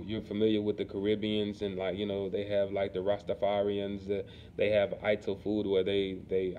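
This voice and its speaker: A man's voice: on the low side, darkish tone. Man, casual vlog talk, rambling, laid-back, faint background hiss. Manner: laid-back, rambling, lots of "you know what I'm saying". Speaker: vlogger. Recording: dull lo-fi sound with faint background noise.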